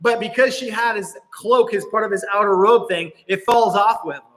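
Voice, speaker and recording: Earnest young male youth pastor, high voice. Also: moderate pace, a bit bright. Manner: casual, earnest storytelling with many fillers. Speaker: student pastor. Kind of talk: youth sermon. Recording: reverberant hall.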